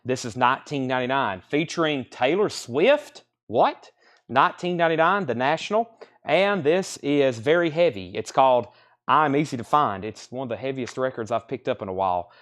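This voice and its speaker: A man's voice: mid-range voice, fairly quick. Man calling out live record sale bids. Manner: repeats prices and reads out bids in a steady, chatty stream. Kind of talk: live-stream sales patter.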